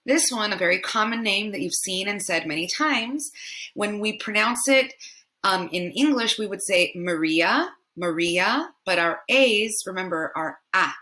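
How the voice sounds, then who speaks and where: A young woman teaching pronunciation in a language lesson, repeating each word slowly several times. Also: medium pitch, animated, bright, forceful tone. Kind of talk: slow, repetitive language lesson.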